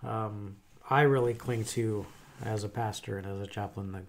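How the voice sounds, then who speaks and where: A middle-aged man who works as a chaplain, talking in a thoughtful, halting way with many pauses and fillers. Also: on the low side, fairly even intonation, a little hiss or hum. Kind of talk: casual conversation.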